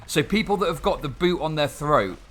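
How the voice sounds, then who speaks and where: Sweary guy gaming and ranting, bright sharp voice, kinda high. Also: animated, fairly quick. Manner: sweary, sarcastic, rambling with restarts. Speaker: gaming channel host. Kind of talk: casual chat while playing a game.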